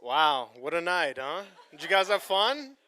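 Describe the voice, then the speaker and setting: A man's voice: on the high side, a little slow, noisy background. A man hosting a live reading night, casually announcing and rousing the audience. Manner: casual, energetic crowd-rousing. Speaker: event host.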